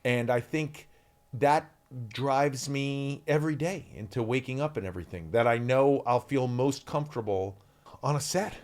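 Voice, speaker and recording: A man in his fifties, an actor guest telling stories in a podcast interview, animated and full of ums, acting out shouted quotes. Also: medium pitch, moderate pace.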